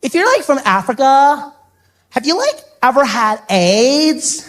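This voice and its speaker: A man doing a ditzy young American woman surfer in a stand-up set, talking slowly and sing-song, full of "like". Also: very high voice, big pitch swings, fairly bright tone, pitched above the performer's own voice, heavily acted. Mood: curious. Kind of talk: stand-up comedy.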